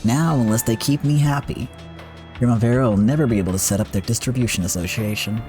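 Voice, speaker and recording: A man voicing a scheming, smug male gang boss in an exaggerated fake accent, oily and shamelessly flattering. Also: medium pitch, fast talker, faint music behind, natural voice. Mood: gloating.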